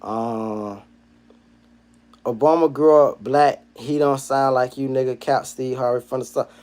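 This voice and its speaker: A man hosting a casual livestream, reading chat comments aloud. His talk is slangy and profane, and it swings from low mumbled asides to loud, heated rants. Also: fairly even intonation, unhurried. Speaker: livestream host.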